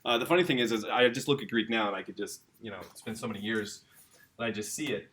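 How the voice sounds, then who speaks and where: This is a fast, enthusiastic home-school lesson from a man with a fairly low, fairly bright voice. He keeps it chatty and informal, speaking directly to the kids and their parents.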